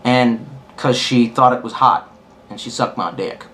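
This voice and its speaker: A man's voice: mid-range voice, measured pace, fairly bright tone, a little hiss or hum. A young man talking straight to camera in a crude, sarcastic, rambling monologue full of profanity. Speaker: vlogger.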